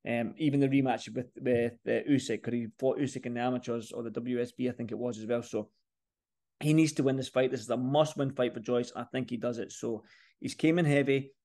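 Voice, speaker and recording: A man's voice: medium pitch, steady tone, fairly quick, warm tone. Chatty man previewing a boxing match. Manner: chatty, repeats words and phrases for emphasis. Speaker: boxing vlogger. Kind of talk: casual fight-preview talk to camera.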